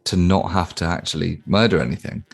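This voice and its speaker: Man, deep voice, gravelly, deadpan improvised storyteller, stammers. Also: a little fast. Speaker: comedy podcast co-host.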